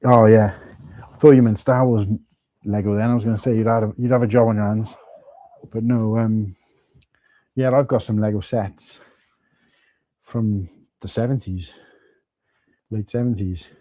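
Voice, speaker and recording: A man's voice: on the low side, fairly even intonation, measured pace, pauses often, dark tone, no room sound. A man with a Welsh accent hosting a casual live stream, chatting loosely and greeting viewers by name. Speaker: livestream host. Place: at home.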